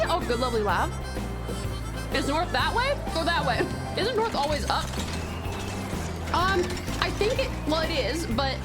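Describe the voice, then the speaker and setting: A young Australian woman from Tasmania streaming a game, chatting casually and giggling, calling her viewers pet names. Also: on the high side. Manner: bubbly, giggly, greets chat with pet names. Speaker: VTuber streamer. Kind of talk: casual live-stream chat while gaming. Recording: game music playing under the voice.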